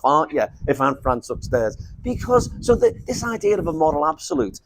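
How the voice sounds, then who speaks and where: A man's voice: a little high, big pitch swings, brisk, slight background noise, poor audio. A man giving an informal lecture, rambling and self-interrupting, with jokey asides.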